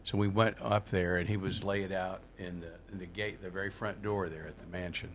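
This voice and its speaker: An older man, a veteran radio host, telling a long story in relaxed talk with many fillers. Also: low-pitched, brisk, a little hiss or hum. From Memphis, USA.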